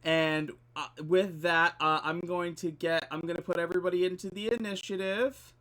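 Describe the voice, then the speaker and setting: A man's voice: sits high, fairly even intonation, moderate pace, a bit bright. A man running a tabletop game as game master, chatty and laughing between lines.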